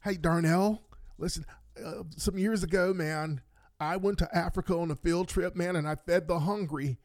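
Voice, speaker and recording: A man voicing an awkward male coworker who talks in a hushed, earnest, overfamiliar way. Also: high voice, fairly even intonation, moderate pace, dry recording, studio quality, close to an everyday voice. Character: awkward male coworker trying too hard.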